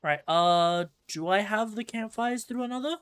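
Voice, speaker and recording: A man's voice: sits high, normal speed, a bit bright, clear, resonant tone. A man with an Australian accent giving rambling live commentary while he plays a game and talks to his chat. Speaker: gaming streamer.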